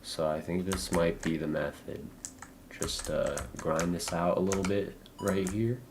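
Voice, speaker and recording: Very deep-voiced young man rambling slowly. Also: fairly even intonation, noisy background. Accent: American. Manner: rambling, halting, filler-heavy. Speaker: livestreamer. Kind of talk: casual rambling gameplay chat.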